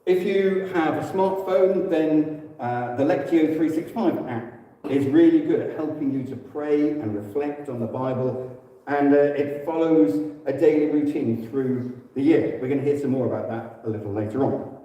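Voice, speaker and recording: A man with an English accent giving a relaxed, conversational teaching talk in church, with fillers and quick self-corrections. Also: a little high, muffled recording. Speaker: church speaker. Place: church hall. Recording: echoey hall, distant mic.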